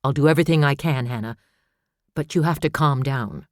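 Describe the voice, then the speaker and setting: A man voicing a calm, caring man who gently murmurs to soothe a distraught friend, in an audiobook. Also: mid-range voice, a little fast, dry recording, clean studio sound, natural voice.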